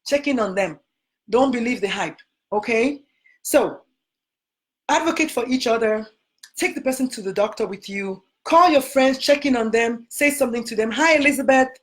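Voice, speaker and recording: A woman's voice: fairly high pitch, moderate pace. A woman with a Nigerian accent, a physician hosting a motivational talk, who speaks emphatically and repeats her key phrases. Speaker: physician host.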